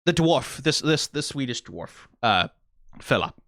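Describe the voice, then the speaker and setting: A young man from Denmark speaks English with a Danish accent, in a casual, rambling reaction. His pitch swings widely as he talks. The sound is dry and close, with no room around it. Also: very animated, measured pace, a bit bright, dry recording. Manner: musing, rambling, many restarts and laughs. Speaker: video reaction host.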